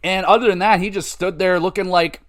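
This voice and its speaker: A man hosting a podcast in casual chat, telling an excitable, profane story in an animated way. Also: high voice, a little fast. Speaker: podcast host.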